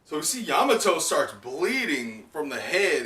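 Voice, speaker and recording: A man's voice: on the high side, very animated, a little slow, hardly any pauses, sharp tone. A man hosting a live comic reaction, talking casually with laughs and many fillers. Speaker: host. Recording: echoey room, distant mic.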